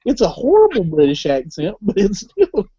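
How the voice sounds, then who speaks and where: A man hosts a loose live-stream chat, ribbing the people who join in. His voice is mellow and a little husky. The audio is dull and lo-fi with no room sound. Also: sits high, wildly swooping pitch, normal speed, no room sound. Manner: joking, teasing. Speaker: host.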